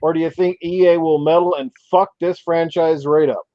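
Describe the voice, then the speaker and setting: A man co-hosting a gaming podcast, upbeat as he reads chat messages and gives shout-outs. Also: a little high, fairly even intonation, moderate pace, no echo. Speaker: podcast co-host reading chat. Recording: slightly dull lo-fi mic.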